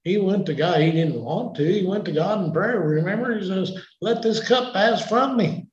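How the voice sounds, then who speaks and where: A preacher in his sixties delivers an emotional sermon, his fairly high voice leaping from shouts to near-whispers. The recording is muffled and lo-fi. The church room around him rings with echo. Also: moderate pace. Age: 60s.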